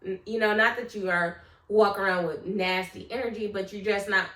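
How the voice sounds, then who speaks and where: A woman's voice: mid-range voice, steady tone, a little fast, pushed and bright. A woman in her late twenties, vlogging at home in a rambling, candid way and talking straight to her viewers. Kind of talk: casual vlog chat. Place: room at home. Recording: echoey room, mic at a distance.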